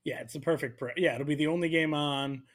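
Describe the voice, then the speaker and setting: Brief: young American man, podcast co-host, fairly high voice, animated jokey banter. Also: fast. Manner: animated, joking, jumps between voices for bits. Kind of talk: casual sports chat.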